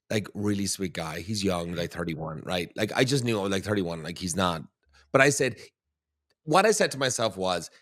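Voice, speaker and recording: Irish-born male podcast host, 30s, low-pitched, dry close sound, chatty storyteller. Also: unhurried, no room sound. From Ireland. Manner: animated storytelling, swearing, frequent "like". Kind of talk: casual chat.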